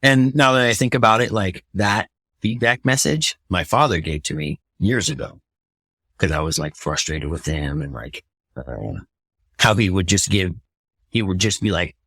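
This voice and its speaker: A man's voice: low-pitched, moderate pace, a bit bright, dry recording. A man who works as a firefighter talks as a podcast guest in a loose, casual way, swearing freely and often asking "you know what I mean".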